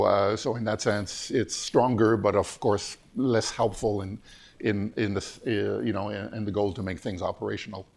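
Hoarse man, physics seminar lecturer, gravelly, husky, low-ish, halting with fillers. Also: darkish tone. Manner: hesitant, many fillers and restarts. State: hoarse, losing his voice. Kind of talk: technical seminar discussion.

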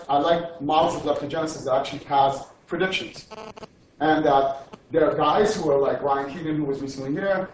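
Man lecturing in an echoey hall. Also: on the high side. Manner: digressive and joking, with frequent "okay?" check-ins. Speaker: physics professor giving a lecture. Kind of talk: informal academic lecture. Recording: echoey lecture hall from far off with faint noise.

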